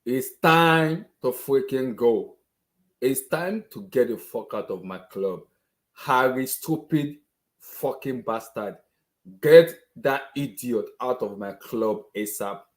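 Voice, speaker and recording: A man's voice: medium pitch, animated, slow, a little mellow. A man, ranting as a football fan to camera, exasperated and repeating the same phrases over and over. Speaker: football fan channel host. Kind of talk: angry fan rant to camera.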